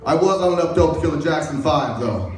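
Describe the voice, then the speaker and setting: A man's voice: on the high side, expressive, a little fast. A man doing a rambling, crude stand-up routine on a comedy stage and laughing at his own jokes. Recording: echoey room, mic far off.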